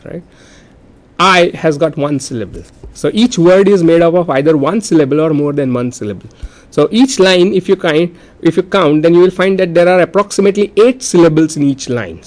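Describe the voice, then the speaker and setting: Man, Indian English accent, fairly high voice, patient college lecturer who restarts and repeats words. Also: animated, normal speed, darkish tone. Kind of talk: recorded classroom lecture.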